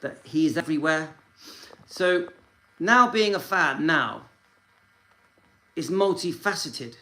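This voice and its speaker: A man's voice: a little high, lively intonation, slow pace, pushed and bright, low-quality recording. A man hosting his own channel, talking casually and earnestly to camera, rambling and reassuring, recorded on a handheld phone. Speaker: channel host. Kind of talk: casual vlog talk to camera.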